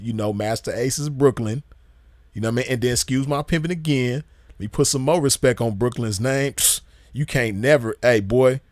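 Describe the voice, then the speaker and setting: A man hosting a gaming channel, chatting casually in an excited, slangy, profane way and repeating himself often. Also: fairly low pitch, no room sound. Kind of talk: casual chat.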